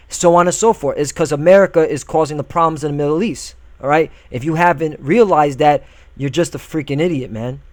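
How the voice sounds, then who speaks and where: A man's voice: a little high, no room sound. A man giving religious and political commentary in a preachy, combative way, often stopping with "all right?" and reading scripture and news aloud. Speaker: video commentator.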